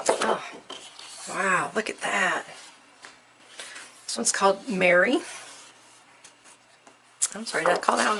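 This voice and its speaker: Slow, gravelly woman gushing over crafts. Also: lowish voice, heavy background noise. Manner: gushing, soft-spoken, often near a whisper. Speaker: crafting vlogger. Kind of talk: unboxing chat.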